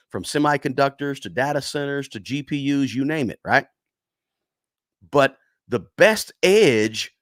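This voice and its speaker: A middle-aged man teaches on a casual livestream, leaning on repetition and checking in with "right?" as he goes. His voice sits at an ordinary middle pitch. The sound is dry and close, with no room echo. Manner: repetitive, emphatic, tags lines with "right?"; chatty and encouraging toward viewers. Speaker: livestream host teaching investing. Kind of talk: casual livestream lesson, reading chat.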